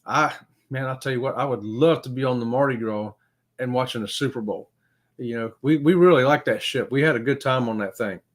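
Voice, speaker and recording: A man's voice: medium pitch, brisk. A middle-aged man hosts a casual livestream, reading out viewer comments in a folksy, upbeat way and chuckling often. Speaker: livestream host.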